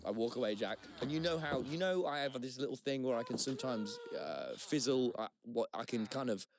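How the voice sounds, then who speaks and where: A man's voice: mid-range voice, lively intonation, fairly quick, background noise. A man, a comedian and podcast co-host, rambling through self-mocking stories in casual chat.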